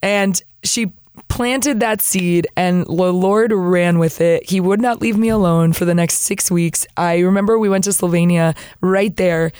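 A young woman from Peru, a guest telling her faith story in animated conversation, acting out what others said and laughing often. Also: on the low side, a little slow, clean tone, no echo, studio quality. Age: young adult. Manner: animated, acts out quoted voices, laughs often. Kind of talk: lively storytelling testimony.

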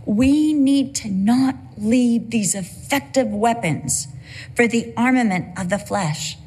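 A middle-aged woman delivers a sermon at an unhurried pace, leaning on repeated phrases for emphasis. Her voice sits a little high and carries a faint husky edge. She sounds earnest and emphatic throughout. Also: a little mellow. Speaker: preacher.

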